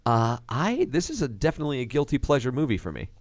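A man hosting a casual movie review podcast, animated, laughing often and swearing casually. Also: mid-range voice, quick pace, no room sound, studio quality. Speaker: podcast host.

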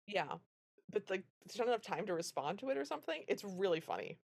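A woman with a gravelly, husky mid-range voice talks at a quick pace as she co-hosts a podcast. In a casual chat, she recaps a film with an animated retelling, acting out the characters' quoted lines.

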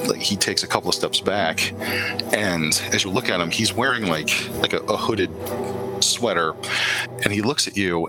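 A man narrating as game master of a tabletop role-playing game, talking in a loose, halting way full of fillers. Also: deep voice, low-quality recording. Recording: music playing behind.

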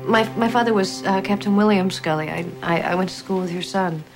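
An actress playing a composed female FBI agent in a TV drama, speaking calmly and earnestly with small hesitations. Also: mid-range voice, music in the background, close to an everyday voice. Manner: calm, earnest, slightly halting. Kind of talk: TV drama dialogue.

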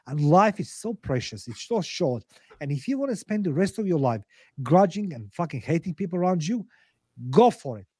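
A man's voice: fairly high pitch, big pitch swings, normal speed, darkish tone, breathy edge, dry recording, studio quality. A middle-aged man, a podcast guest and author, speaking English as a second language in blunt, emotional interview talk that is heavy with swearing. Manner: earnest, blunt, swears freely, non-native English.

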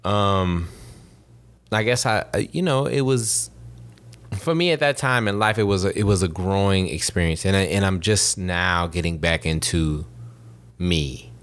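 A man in his thirties talking in a casual chat, rambling and halting, restarting his sentences. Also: low-pitched, a bit bright. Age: 30s.

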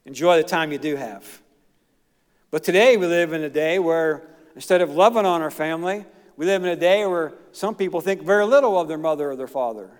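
A man's voice: a little high, a little fast, clean tone, long reverb tail. A middle-aged male pastor preaching a sermon in a folksy, plain-spoken way, with asides and chuckles. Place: church.

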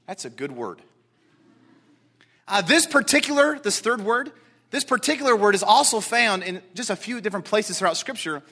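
A man preaching an expository sermon to a seated congregation in a church, emphatic and excitable, swinging between loud declarations and hushed asides. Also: sits high, normal speed.

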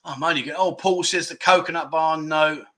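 His voice is on the high side and sharp, fairly quick, with fairly even intonation. Hosting a relaxed livestream, he reads out viewers' guesses and banters with the chat, tossing in lots of "mate" and "no."

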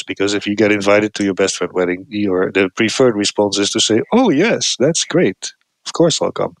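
A middle-aged man with a low voice talks through his research in a relaxed, thoughtful way, often breaking off and restarting phrases. The recording is dry and close, with no room sound. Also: no echo. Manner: thoughtful, restarts phrases, acts out quoted replies. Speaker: guest researcher. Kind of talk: casual academic explanation.

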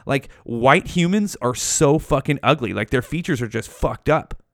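Casting: man doing a snobbish cursing cat, mid pitch, dry close sound. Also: lively intonation, normal speed, a bit bright, dry recording. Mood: sneering. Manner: profane, contemptuous. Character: snobbish sneering male calico cat.

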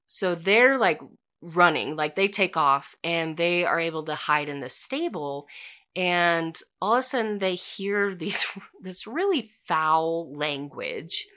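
Woman, lowish voice, casual story recap, filler-heavy delivery. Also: a bit bright.

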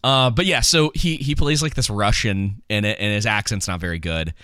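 Low, smooth-voiced man chatting. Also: moderate pace, sharp tone, no room sound, clean studio sound. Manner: rambling, many ums and restarts, jokey. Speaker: podcast co-host. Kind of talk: casual chat about movies.

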